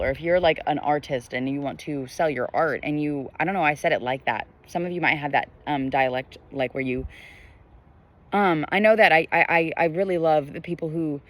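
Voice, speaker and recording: Facing the camera indoors, with a bright sky glowing behind him, a young tarot reader offers a relaxed collective reading. His voice is on the high side and fairly bright, and he meanders through filler words and spiritual reflections.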